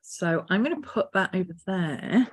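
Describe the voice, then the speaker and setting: A woman artist thinking aloud as she sketches, unhurried, now and then cooing to her dog. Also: medium pitch, lively intonation, breathy edge. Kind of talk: casual art vlog narration. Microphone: desk mic.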